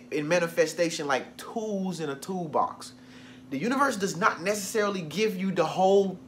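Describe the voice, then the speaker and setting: Man, high voice, casual motivational vlogger who repeats key phrases. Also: pushed and bright, a little hiss or hum. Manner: loose, conversational, repeats phrases for emphasis. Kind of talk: motivational talk to camera.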